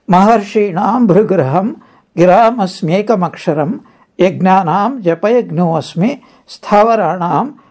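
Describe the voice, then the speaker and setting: A spiritual teacher giving a scripture discourse, telling stories and explaining Sanskrit terms one by one in an unhurried way. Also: mid-range voice, darkish tone, breathy edge.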